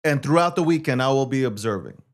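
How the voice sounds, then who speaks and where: A man's voice: mid-range voice, expressive, quick pace. A man hosting a show, ranting to viewers on a livestream in a brash, profane, boastful way, repeating phrases and firing rhetorical questions. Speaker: show host.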